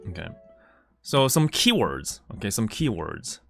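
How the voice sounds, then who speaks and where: A man's voice: fairly low pitch, very animated, unhurried, creaky, a bit bright, faint music behind. A man streaming live, reacting emotionally and stammering as he repeats his words.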